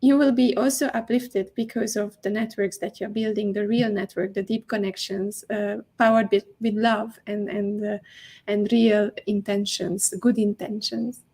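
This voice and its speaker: A woman's voice: medium pitch, steady tone, normal speed, mellow, husky. A woman hosting a live online summit, speaking with enthusiasm, frequent laughs and hesitant fillers. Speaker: summit host. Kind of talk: casual live chat.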